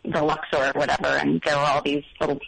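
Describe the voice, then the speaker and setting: A woman's voice: low voice, flat delivery, fast, gravelly, a bit bright, a little hiss or hum, poor audio. A middle-aged woman calling in to a show, telling a story casually with many ums and self-doubt. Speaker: caller. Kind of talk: casual phone call story.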